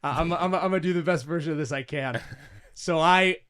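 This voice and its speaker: A man hosting a podcast, telling a story in a lively, animated way with frequent restarts. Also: on the high side, brisk, clear, resonant tone. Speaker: podcast host. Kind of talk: casual interview chat.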